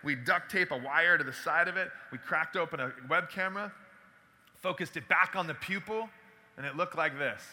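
A man with a very bright, forward voice, pitched a bit high for a man. He tells his story to an audience with animated energy, acting out the conversations. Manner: animated, acts out dialogue. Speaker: speaker giving a talk.

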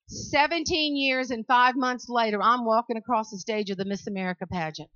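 A woman from South Carolina with a Southern accent gives an animated motivational speech to students and keeps calling out to the audience. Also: on the high side, brisk, few pauses, dull audio, noisy background. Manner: animated storytelling, calls out to the audience. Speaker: motivational speaker.

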